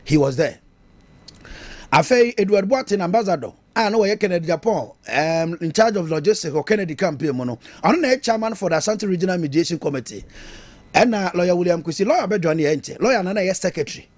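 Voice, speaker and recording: A man's voice: sits high, animated, fast, a little mellow, dry recording. A man with a Ghanaian accent hosting a political talk show, switching between Twi and English and laughing at his own jokes. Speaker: radio and TV talk show host.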